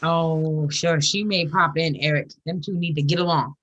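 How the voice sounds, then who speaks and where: A man's voice: on the high side, fairly even intonation, a bit bright, dull audio. A man hosting a live stream, teasing his guests and laughing often in casual group chat. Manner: brash, teasing, quick to laugh. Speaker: stream host.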